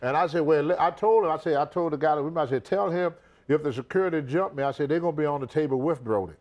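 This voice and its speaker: Older man, repeats himself, acts out voices, slightly high voice. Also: fast talker. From United States. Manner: animated storyteller, repeats words, acts out others. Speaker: interview guest, retired wrestler. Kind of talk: shoot interview storytelling.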